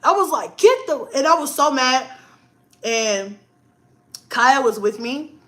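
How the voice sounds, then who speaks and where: A woman in her forties on a livestream, telling stories in a lively way, swearing freely and talking straight to her viewers. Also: high-pitched, slow pace. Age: 40s. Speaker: livestream host. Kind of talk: casual livestream chat.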